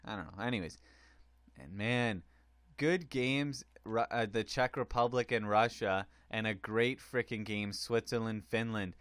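Man, gaming commentator, excitable and rambling, smooth dry close voice. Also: lowish voice, measured pace, no room sound. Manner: excitable, rambling, with frequent fillers. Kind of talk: casual hockey game commentary.

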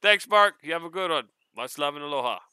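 A man from Hawaii with a Hawaiian-tinged accent, casually unboxing mail on his vlog, excitable and quick to laugh. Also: fairly high pitch, smooth, dry recording. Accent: Hawaiian Pidgin-tinged English. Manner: excitable, laughs often, repeats words. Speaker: vlogger.

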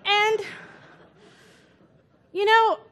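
High-voiced casual woman speaker. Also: level tone, extremely slow, fairly bright tone, some chatter behind. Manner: casual, chatty, lots of "like" and "right?". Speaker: conference speaker. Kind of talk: conference talk. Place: conference stage before an audience.

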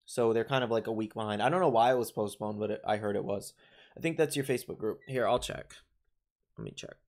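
A man's voice: fairly low pitch, fast. A young man hosting a livestream, chatting casually and rambling through viewer comments with lots of fillers and restarts, his voice a little worn from talking. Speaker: livestream host. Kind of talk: casual live chat reading viewer comments.

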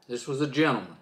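A man's voice: fairly high pitch, creaky, a bit bright, reverberant. Fired-up man ranting to his channel. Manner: fired-up, preachy, emphatic. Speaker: trucking channel host. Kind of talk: off-the-cuff vlog rant.

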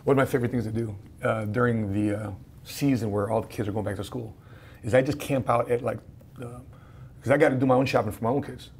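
Filipino-born host guy, talks fast, eager storyteller, lots of yeah yeah. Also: medium pitch, steady tone, slight background noise. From Philippines. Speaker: podcast host. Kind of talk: casual interview chat.

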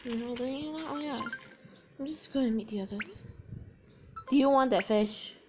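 A woman's voice: sits high, normal speed, background noise. A woman hosting a casual let's-play, chatty and jokey with rambling asides, music mixed under her voice. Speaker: gaming channel host.

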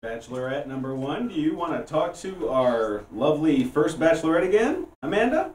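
A man hosting an improv comedy show, brisk and joking. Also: fairly high pitch, big pitch swings, darkish tone, distant mic. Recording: echoey stage from afar.

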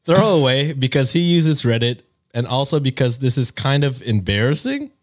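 A man's voice: mid-range voice, sing-song, moderate pace. A man co-hosting a show, reading a post aloud with laughs and jokey asides. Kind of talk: casual reading and reacting.

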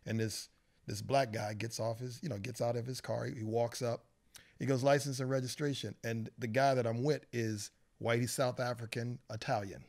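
A man's voice: mid-range voice, steady tone, normal speed, a little mellow. A man, a television writer, telling a story in a casual podcast chat and acting out the other people's lines. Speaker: guest, television writer and showrunner. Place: Los Angeles area.

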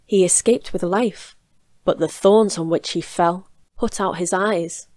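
A woman reading a fairy tale aloud in a calm, measured storytelling voice, recorded in a home studio. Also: on the low side, no room sound.

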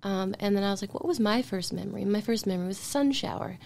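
On a laid-back podcast, a Canadian woman appears as a guest and reflects openly on her songwriting, her mid-pitched voice moving between thoughtful asides and light laughter. She talks fast with a creaky, slightly mellow quality, chatty and reflective, laughing lightly and often. A little hiss or hum sits in the background.

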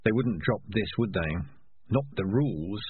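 A man voicing a shrewd, wary male cat who mutters his words in a low voice. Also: expressive, normal speed, a little hiss or hum, lightly acted. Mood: dismayed. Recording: lo-fi phone-like sound.

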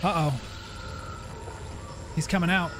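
A man's voice: fairly high pitch, slow, a little hiss or hum. Man narrating his game playthrough. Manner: chatty, reacts aloud while playing, jumps between flat calm and alarmed bursts. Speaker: gaming channel host. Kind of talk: let's play commentary.

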